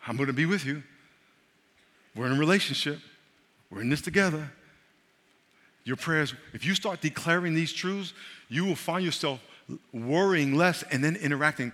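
Bright-voiced preacher in a reverberant hall. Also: male voice, a little high, a little fast, long pauses. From New York. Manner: animated, repeats phrases, asks the congregation to follow along. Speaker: pastor. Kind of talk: sermon. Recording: long reverb of a large hall.

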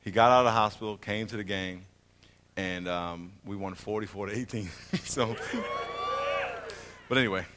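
A man teaching a Bible lesson in a lively sermon style, joking and swinging between loud and quiet. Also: normal speed, pauses often, very noisy. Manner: animated, jokey, swings from loud to low.

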